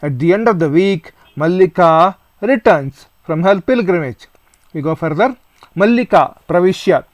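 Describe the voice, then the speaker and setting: A male teacher with an Indian English accent works slowly through a Sanskrit textbook play, reading each phrase and then glossing it in English. His voice is fairly high for a man. The recording is close and dry, with no room echo. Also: expressive.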